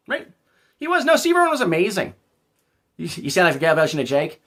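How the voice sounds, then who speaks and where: A man's voice: sits high, huge pitch swings, brisk, long pauses, fairly bright tone. A man hosting a casual livestream, rambling and joking as he talks back to his chat. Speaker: livestream host.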